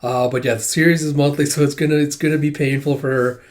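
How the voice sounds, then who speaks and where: A man's voice: on the high side, steady tone, fast. A man hosting a comic reaction channel, giving casual, rambling commentary full of fillers.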